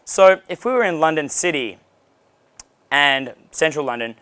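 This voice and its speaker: A man's voice: fairly high pitch, animated, unhurried, pushed and bright, clear, resonant tone, no echo. Blunt, profane man giving a dating lecture. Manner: blunt, profane, acts out dialogues. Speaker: dating coach. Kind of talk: seminar lecture.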